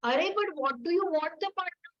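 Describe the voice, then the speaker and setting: High-voiced woman teaching. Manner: brisk, instructive, repeats key words in lists. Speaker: relationship workshop instructor. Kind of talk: live workshop teaching. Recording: echoey room, dull lo-fi sound.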